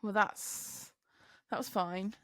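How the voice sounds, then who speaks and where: A young woman, co-hosting a podcast, telling a work story in casual, sweary chat and mimicking other people in higher voices. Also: steady tone, takes it slowly, no echo, clean studio sound. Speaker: podcast co-host, truck driver.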